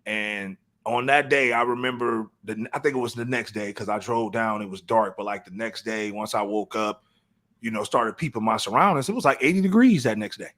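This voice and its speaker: A man's voice: on the low side, fairly quick, fairly bright tone. Laid-back streetwise male podcast host. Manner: laid-back, streetwise slang, frequent restarts. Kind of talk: casual podcast chat.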